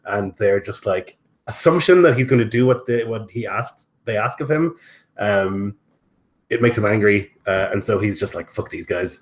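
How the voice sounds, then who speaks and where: A man's voice: fairly low pitch, animated, normal speed. A man playing in a tabletop role-playing game, talking casually and saying "like" a lot. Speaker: player.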